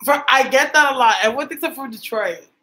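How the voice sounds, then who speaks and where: A woman's voice: high-pitched, fast talker, sharp tone, poor audio. A young woman from Canada chatting casually with viewers on a livestream as a psychic medium host, reading their comments aloud.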